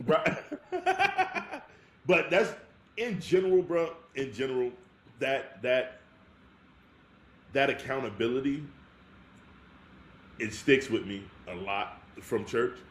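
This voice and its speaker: A married man co-hosting a podcast, telling lively stories in casual chat and laughing often. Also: medium pitch, slow, long pauses. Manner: animated storyteller, laughs often. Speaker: podcast co-host. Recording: echoey room with faint hiss.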